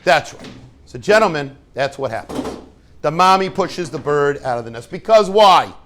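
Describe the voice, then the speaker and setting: A man's voice: a little high, expressive, moderate pace, fairly bright tone, a little hiss or hum. A man, a rabbi giving an informal, joking lesson to his students and tossing questions at the class.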